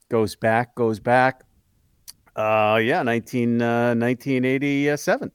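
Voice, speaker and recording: Animated man co-hosting a morning show. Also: medium pitch, takes it slowly, clean tone, no echo, clean studio sound. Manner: animated, acts out both sides of his stories. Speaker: radio show co-host. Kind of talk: casual storytelling chat.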